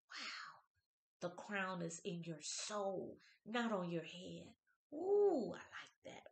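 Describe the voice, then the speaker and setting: Expressive woman in her fifties. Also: lowish voice, gravelly, reverberant. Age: 50s. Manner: expressive, churchy, reads quotes then comments on them. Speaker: vlogger. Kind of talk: inspirational birthday vlog, reading quotes.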